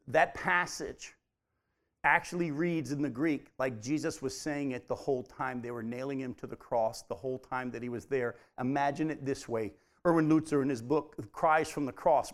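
Fervent male preacher, loud then hushed. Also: on the high side. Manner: dynamic preaching, swinging from loud emphatic peaks to hushed near-whispers. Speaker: pastor. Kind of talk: sermon.

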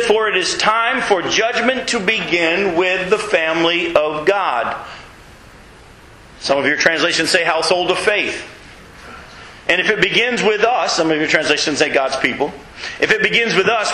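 A male pastor preaches in a fairly high, bright and forceful voice, firing questions at his congregation. He is recorded in an echoey church hall with a faint hum of room ambience. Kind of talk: sermon.

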